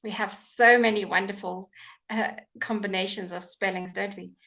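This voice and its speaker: A woman with a British accent teaching English pronunciation in a live online class, enunciating words slowly and clearly, with frequent fillers. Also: mid-range voice, steady tone, a bit bright, poor audio. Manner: slow, clear, drawn-out enunciation with many fillers. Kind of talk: live online language lesson.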